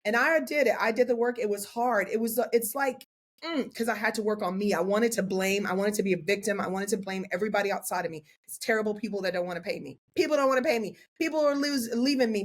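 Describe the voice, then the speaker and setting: A woman in her forties, a portrait photographer guesting on a podcast, telling her story in a candid, animated way. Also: fairly high pitch, quick pace. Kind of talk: casual interview chat.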